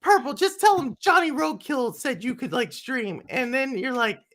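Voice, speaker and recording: A woman hosting a casual interview, teasing and expressive, laughing along with her guest. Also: high-pitched, moderate pace. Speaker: host.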